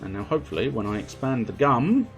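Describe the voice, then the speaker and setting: Brief: playful rambling male streamer, gravelly low voice, faint game music behind. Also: big pitch swings, fast talker. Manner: playful, rambling, sings and jokes to himself. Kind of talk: casual gameplay commentary.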